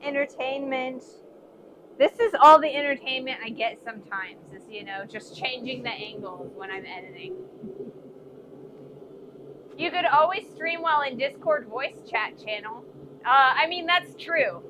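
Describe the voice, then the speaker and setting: A woman's voice: sits high, lively intonation, measured pace, noisy background. A woman with a Midwestern accent chatting casually with her live-stream viewers from her forge, laughing often and poking fun at herself. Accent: American Midwest. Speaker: blacksmith streamer. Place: forge workshop.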